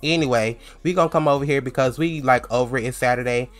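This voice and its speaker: A man's voice: medium pitch, quick pace, soft background music. A man casually commenting on a life-sim game he plays, chatty and full of slang. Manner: chatty, slangy, laughs easily. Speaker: let's play host.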